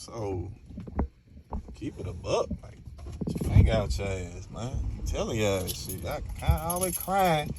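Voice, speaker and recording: A man's voice: on the low side, big pitch swings, a little slow, reverberant, heavy background noise. Blunt, profane man ranting. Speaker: vlogger. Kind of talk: casual rant to camera.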